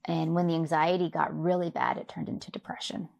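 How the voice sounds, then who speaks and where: A young adult woman from Louisiana, an interview guest telling her own story in a reflective, soft-spoken way with many fillers. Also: low-pitched, little pitch movement, a little fast, vocal fry. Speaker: podcast guest. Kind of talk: personal story in a conversational interview.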